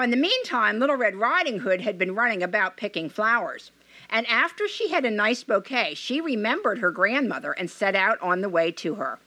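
A woman reading a fairy tale aloud in an expressive, measured way. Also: medium pitch, dry recording.

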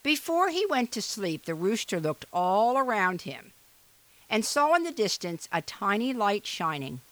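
A woman reading a children's fairy tale aloud in an expressive, animated way. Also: mid-range voice, measured pace, no room sound. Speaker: storyteller. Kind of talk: storybook read-aloud.

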